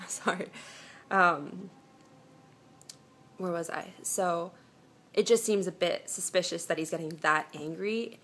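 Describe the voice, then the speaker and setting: A woman's voice: on the low side, slow pace, pauses often, fairly bright tone, a little hiss or hum. A young woman vlogging from home on a phone camera, answering viewer questions with chatty, reassuring relationship advice full of "um"s and restarts. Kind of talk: casual advice chat.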